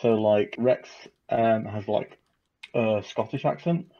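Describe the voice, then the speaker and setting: Low, mellow male co-host on a muffled lo-fi mic, loose and filler-heavy. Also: takes it slowly. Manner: animated, talks with a lot of fillers. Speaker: podcast co-host. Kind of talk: casual chat. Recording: dull lo-fi mic.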